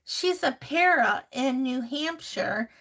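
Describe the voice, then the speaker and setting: Laughing often, a crafting channel host reads viewer comments during her live stream, casually chatting and fondly calling people honey and sweetheart. Her high-pitched woman's voice is animated and a bit bright, and she takes things slowly.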